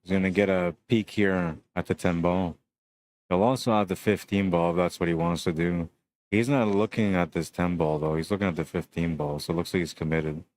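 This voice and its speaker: A young adult man giving relaxed, chatty live commentary on a pool match and greeting stream viewers. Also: sits low.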